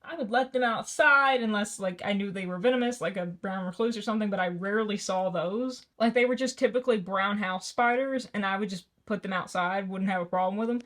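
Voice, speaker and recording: A woman's voice: mid-range voice, brisk, hardly any pauses, a bit bright. Young woman, Tennessee Southern accent, casual rambling home vlogger, self-deprecating. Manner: chatty, self-mocking, rambling asides. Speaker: book vlogger. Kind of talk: casual vlog chat. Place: home kitchen.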